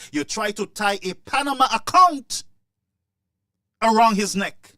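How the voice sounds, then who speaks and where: A man's voice: sits high, big pitch swings, unhurried, bright, forceful tone, dry recording. A man giving impassioned political commentary, emotional and repetitive, stumbling over restarts as he presses his points.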